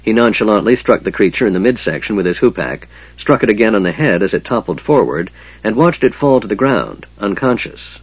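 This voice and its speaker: A man reads fantasy narration in a steady, measured way. His voice is low and husky. The recording is dry and slightly dull. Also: no echo. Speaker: audiobook narrator.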